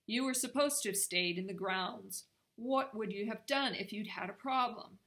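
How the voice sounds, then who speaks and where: Stern mum type scolding, lady reading it, bit creaky. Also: medium pitch, normal speed, fairly bright tone, natural voice.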